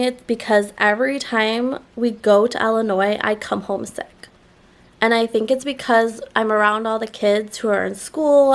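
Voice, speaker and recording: A woman talks in a relaxed, rambling vlog chat, peppering her sentences with "like". Her voice sits a touch high and sounds a little nasal, as she is still getting over a sore throat. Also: creaky. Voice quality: slightly nasal. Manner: rambling, frequent "like" fillers. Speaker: vlogger. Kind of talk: casual chat to camera.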